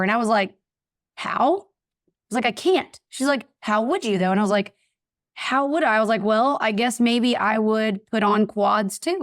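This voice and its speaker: Speaking with a fairly high pitch, this podcast guest relates a personal anecdote in a relaxed interview, bringing it to life by performing the other characters' voices. The recording is dry and of studio quality.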